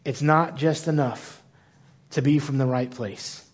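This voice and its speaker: In a church in the American South, a pastor preaches a sermon in an animated way, correcting himself and often acting out the people in his story. His voice is mid-range and his pace measured.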